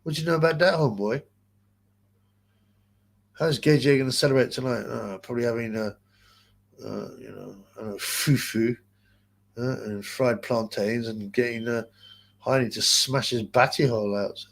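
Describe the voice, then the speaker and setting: A man's voice: mid-range voice, steady tone, moderate pace, creaky, long pauses. A man hosting a casual livestream, rambling crude gossip and reading out chat comments with lots of fillers.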